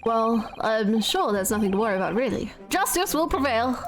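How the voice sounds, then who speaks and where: A woman voicing an earnest young male defense lawyer in a game read-along, speaking calmly and sincerely. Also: fairly high pitch, normal speed, faint music behind.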